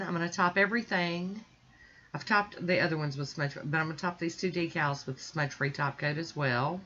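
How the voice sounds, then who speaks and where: A woman casually chatting through a nail art tutorial, relaxed and rambling, with small laughs. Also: low voice, normal speed. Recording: dull lo-fi audio.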